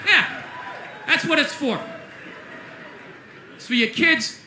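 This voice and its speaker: A man doing a stand-up comedy rant, profane and exasperated, bursting into shouts. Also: very high voice, slow, reverberant, crowd noise, noisy background.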